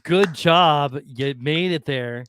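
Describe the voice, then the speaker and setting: A man's voice: a little high, takes it slowly, fairly bright tone, clear, resonant tone, no echo, studio quality. A man hosting a casual podcast, laid-back and encouraging toward his co-host.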